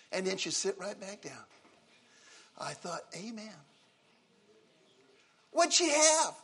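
An older man preaching a sermon, emotional, swinging from loud exclaiming to soft, quiet lines. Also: very high-pitched. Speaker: pastor.

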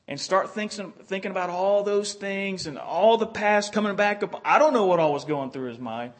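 A man with a notably high-pitched voice preaches an earnest sermon. He circles back on his phrases and slips into the words of those he quotes. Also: a little fast, hardly any pauses. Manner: earnest, repetitive restarts, quotes prayers in character.

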